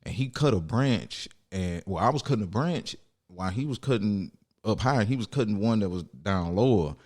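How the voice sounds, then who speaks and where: Animated young man telling stories. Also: lowish voice, moderate pace. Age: young adult. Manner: animated storyteller, acts out quotes. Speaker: podcast co-host. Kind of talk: casual chat.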